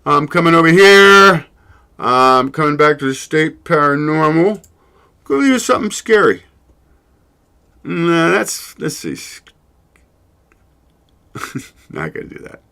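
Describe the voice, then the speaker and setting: A man's voice: fairly high pitch, sing-song, measured pace, vocal fry, long pauses, sharp tone, smooth. A man hosting his own show, chatting casually and rambling, swearing freely and laughing often. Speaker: show host. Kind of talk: casual solo livestream chat.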